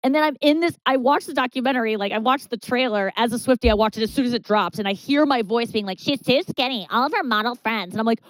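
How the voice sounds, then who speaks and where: A woman's voice: quick pace, hardly any pauses, dry recording, rough recording. A woman comedian, a talk-show guest, telling a candid story with swearing and stammered restarts, her voice leaping up when she quotes people. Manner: animated, jumps high when quoting herself and others, swears, stammers.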